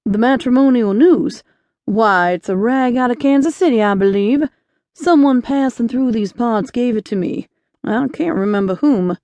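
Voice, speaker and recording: A woman reading an audiobook, voicing a kindly, cautious older male shopkeeper in a gentle, fatherly way. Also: on the high side, normal speed, no room sound, muffled recording, close to an everyday voice.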